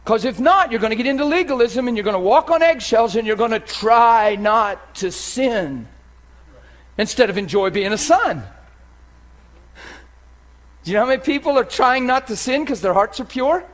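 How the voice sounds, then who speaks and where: A male preacher with a high voice delivering a lively sermon. He talks to his listeners directly, asks whether they follow, and acts out the voices in their heads.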